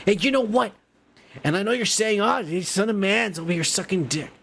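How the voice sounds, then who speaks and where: A man's voice: sits high, expressive, a little fast, vocal fry, fairly bright tone, slight background noise, pitched above the performer's own voice, heavily acted. A man putting on a mocking impression of a pompous middle-aged British male TV host, full of profanity. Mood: smug.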